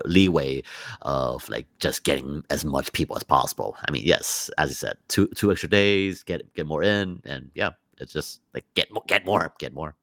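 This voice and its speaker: Deep-voiced, rambling male podcast co-host. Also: vocal fry, a bit bright, no echo, studio quality. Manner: rambling, halting, lots of restarts and filler. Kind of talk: casual podcast chat.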